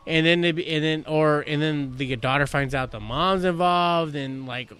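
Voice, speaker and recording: A man in casual conversation, telling a rambling, animated story with many restarts. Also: fairly high pitch, moderate pace, few pauses, clear, resonant tone. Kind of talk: casual chat.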